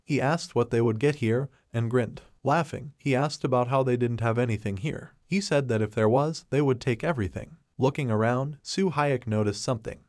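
A man reading a scripted story recap in a steady, even narration. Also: mid-range voice, moderate pace, hardly any pauses, dry recording, clean studio sound.

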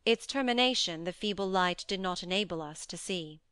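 A woman narrating a classic short story as an audiobook, in measured, steady storytelling. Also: fairly low pitch, clean tone, no room sound. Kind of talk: scripted narration.

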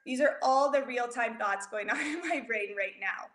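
Upbeat woman teacher on a video call, fairly high voice, echoey room, chatty with young kids. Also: unhurried, few pauses. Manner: upbeat, chatty, openly nervous and excited. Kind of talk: virtual lesson for young children. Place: home room with a big window.

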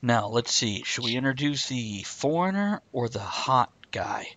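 A man hosts a casual online chat show, introducing guests with rambling, teasing asides and laughter. His pitch moves in a lively way. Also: measured pace, dry recording. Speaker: host.

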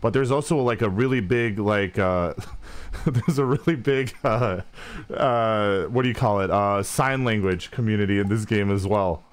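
A man's voice: lowish voice, moderate pace, clean tone. A man hosting a livestream, explaining things in a chatty way with lots of fillers. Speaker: streamer host. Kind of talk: casual chat while livestreaming.

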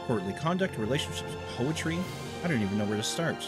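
A man's voice: medium pitch, lively intonation, quick pace, over loud music, natural voice. A man voicing a flustered male courtier who is overwhelmed by all the topics he wants to study.

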